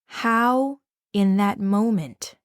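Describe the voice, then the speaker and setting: A woman speaks as a podcast host, telling a personal story gently and earnestly. She guides the listener through breathing and reflection and often asks "right?". Her voice sits mid-range and sounds close and dry. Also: mid-range voice, drawn-out words, dry recording. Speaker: podcast host and drama therapist.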